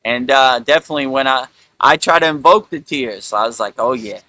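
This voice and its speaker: A middle-aged man hosting a spiritual talk, speaking in a relaxed, rambling way with lots of "you know". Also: medium pitch, brisk, dry recording, low-quality recording. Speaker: spiritual teacher and show host.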